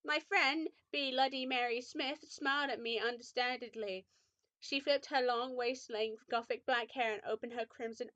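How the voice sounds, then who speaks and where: A woman's voice: a little high, a bit bright, dry recording, lo-fi sound. A young woman reading a fan fiction aloud with mock drama, often breaking off to make sarcastic remarks.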